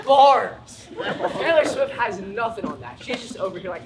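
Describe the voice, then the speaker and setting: A young American man doing a stand-up comedy set, telling stories with animated, panicky acted-out moments. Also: extremely high pitch, a little slow, very noisy. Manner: animated storytelling, acts out panic. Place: school auditorium with live audience.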